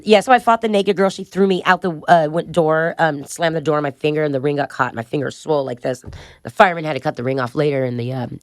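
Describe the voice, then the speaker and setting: A woman in middle age rattles off a chaotic tale at a brisk clip, blunt and profane, laughing at her own story. Her voice is close and dry, with no room sound around it. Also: deep voice, no echo. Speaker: guest. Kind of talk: candid storytelling interview.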